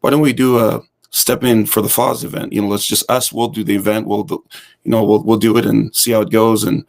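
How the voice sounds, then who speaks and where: This hip hop fitness instructor, a man appearing as a guest on an interview show, speaks a little fast in a fairly low, creaky voice. Casual and animated, he performs the dialogue he quotes while telling his story.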